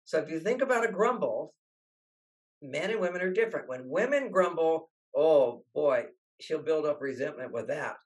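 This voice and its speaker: Older guy author on a podcast, kinda high voice, acts out everyone in his stories. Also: normal speed. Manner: animated, acts out quoted voices. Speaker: relationship author and guest. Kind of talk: storytelling interview talk.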